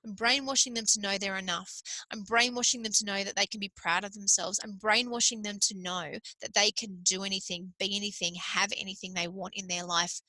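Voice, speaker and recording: A woman's voice: medium pitch, fairly even intonation, brisk, hardly any pauses, sharp tone, no echo, poor audio. A woman hosting a motivational solo podcast, talking earnestly and repeating her points for emphasis, with the odd swear word. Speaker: podcast host.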